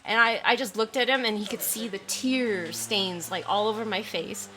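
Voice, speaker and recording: A woman talking on a livestream from her home, with a bright, clear voice. She tells her story in a loose, chatty way and keeps breaking off to read viewer messages aloud. She apologizes often as she goes. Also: mid-range voice, moderate pace. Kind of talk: casual storytelling and chat reading. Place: at home by a window.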